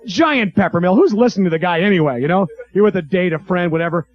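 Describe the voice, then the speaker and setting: Male stand-up comic, animated delivery with jumpy pitch, early-80s club recording that sounds dull. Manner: animated, does quick character voices and crowd work. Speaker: stand-up comedian. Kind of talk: stand-up routine. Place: comedy club stage with live audience. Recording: dull lo-fi 1980s club tape.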